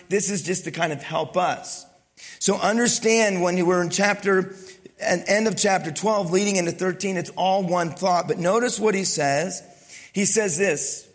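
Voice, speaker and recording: Male pastor, slightly high voice, lively sermon delivery, loud peaks and soft asides. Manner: animated preaching, swings from loud emphasis to quiet asides, joking.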